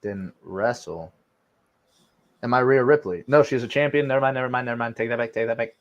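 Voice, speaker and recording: A man's voice: mid-range voice, steady tone, racing, dull audio. A young man hosting a casual online show, thinking aloud through a guessing game and swearing freely. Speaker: host playing a wrestling guessing game. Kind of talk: casual chat.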